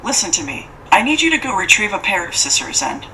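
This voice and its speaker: A woman's voice: mid-range voice, big pitch swings, quick pace, sharp tone. A woman voicing an ancient female monster who speaks in a formal, cool and scolding way. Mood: stern. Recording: faint noise, distant from mic.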